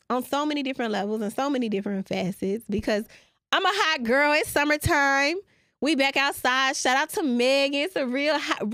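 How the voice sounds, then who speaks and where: A woman's voice: on the high side, fairly bright tone, no room sound, clean studio sound. A woman, hosting a podcast in a brash, profane, playful monologue. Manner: brash, profane and playful, talking straight to listeners. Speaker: podcast host. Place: small podcast studio. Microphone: studio microphone.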